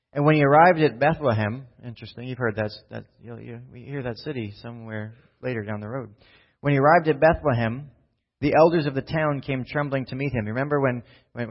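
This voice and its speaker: A male pastor giving a conversational sermon, often asking "right?" and acting out scenes from the text in voices. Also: mid-range voice. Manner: animated, often asks "right?" and acts out Bible scenes in voices. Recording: dull lo-fi sound.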